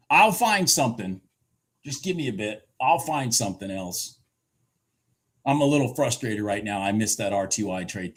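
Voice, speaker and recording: A man live-streaming his day trading, commenting excitedly on the market, swearing and repeating himself as he shifts between shouting and muttering. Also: on the low side, slightly rough. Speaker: livestream day trader.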